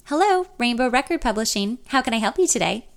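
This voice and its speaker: A woman reading an audiobook, voicing a perky accented female receptionist with a high nasal voice. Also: expressive, fast talker. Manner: cheerful and bubbly. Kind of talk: audiobook character voice.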